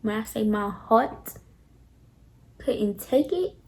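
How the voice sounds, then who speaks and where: A young woman vlogger telling a storytime tale to her viewers, animated and dramatic, talking straight to them. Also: a little high, slow pace. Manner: animated, dramatic retelling, addresses viewers directly. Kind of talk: casual storytime.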